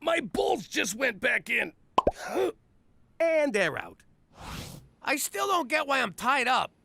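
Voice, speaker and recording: A man voicing a gruff, profane, middle-aged mob dad with a New York Italian-American accent in a cartoon. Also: very high-pitched, big pitch swings, slow, sharp tone, exaggerated voice.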